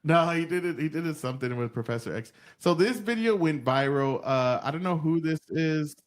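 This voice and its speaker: Texas guy hosting a podcast, swears a lot, slightly high voice. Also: lively intonation, fairly quick. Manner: blunt, profane, laughs often. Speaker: podcast host. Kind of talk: casual chat.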